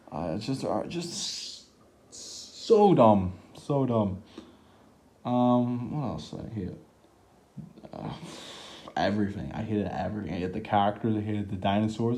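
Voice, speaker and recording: A young man rants through a film review, exasperated and swearing freely, his talk stuffed with "like" and sighs of disgust. His voice sits low and sounds mellow and warm rather than bright. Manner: exasperated, profane, lots of "like" fillers. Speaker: movie reviewer.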